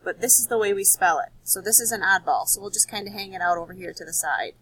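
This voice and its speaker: A woman teacher giving a recorded spelling lesson to children, patient and explaining slowly, repeating words. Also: medium pitch, fairly bright tone, slightly rough, low-quality recording.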